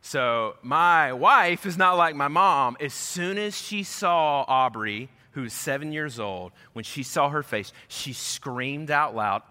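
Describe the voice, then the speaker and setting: A man preaching as a pastor, telling a personal story in an animated way and acting out the voices of the people in it. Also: fairly high pitch, measured pace. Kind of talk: storytelling sermon. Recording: echoey hall.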